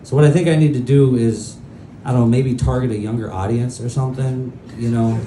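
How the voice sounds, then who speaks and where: A man's voice: medium pitch, steady tone, brisk, background noise. A male stand-up comedian telling crude, self-mocking stories in a loose, rambling way on a comedy club stage. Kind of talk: stand-up set. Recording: roomy club with faint ambience.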